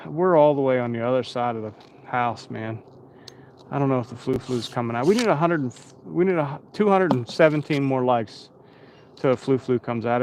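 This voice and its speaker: A man's voice: medium pitch, darkish tone, slight background noise. A tired man hosting a casual live stream outdoors at night, rambling and chatting with his viewers.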